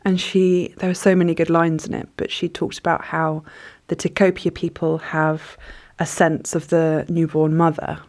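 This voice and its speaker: A woman's voice: low-pitched, flat delivery, normal speed, hardly any pauses, a little mellow. A woman, speaking as an author guest in a reflective, thoughtful way with frequent hesitations. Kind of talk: conversational interview.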